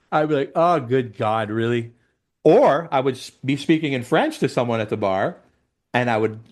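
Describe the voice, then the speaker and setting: A man, co-hosting a podcast and telling restaurant stories in casual chat, acting out his own past lines and swearing freely. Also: medium pitch. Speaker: podcast co-host, former restaurant worker.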